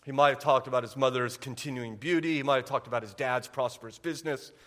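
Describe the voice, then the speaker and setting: A man in his forties preaching a humorous sermon to a church congregation, full of quick asides and repeated "okay?". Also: mid-range voice, steady tone, a bit bright. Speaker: pastor. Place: church sanctuary.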